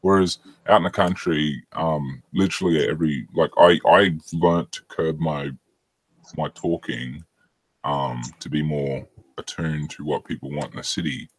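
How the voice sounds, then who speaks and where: A man's voice: rumbling low, a little slow, breathy edge, rough recording. A man, rambling in casual chat on a video call and swearing freely.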